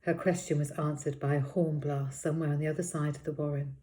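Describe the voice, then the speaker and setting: A woman reads a children's novel aloud, narrating in a steady, expressive way. Her voice sits low and deep for a woman. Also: quick pace. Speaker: storybook reader.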